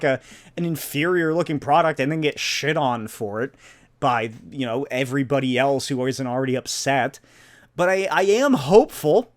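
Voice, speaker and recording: A man hosting a solo podcast, rambling casually, swearing and laughing often. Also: fairly high pitch. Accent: non-native or regional accent. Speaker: podcast host.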